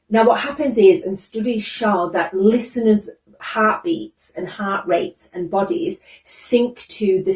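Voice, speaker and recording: A woman with a British accent giving a training talk to teachers. She is naturally excitable, talks fast and runs loud. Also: medium pitch, roomy sound, far from the mic. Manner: excitable, fast-talking and loud by own account. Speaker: behaviour trainer.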